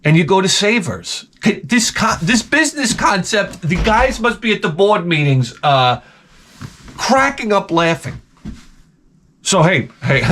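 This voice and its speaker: A middle-aged man rants to his viewers in a sarcastic, profane way, his voice sitting a bit high and swinging widely in pitch as he tells his stories. He often jumps up into mocking higher tones and then drops low and quiet. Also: slow, a little hiss or hum. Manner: profane, sarcastic, animated storytelling. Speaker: vlogger. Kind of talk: casual rant to camera. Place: home.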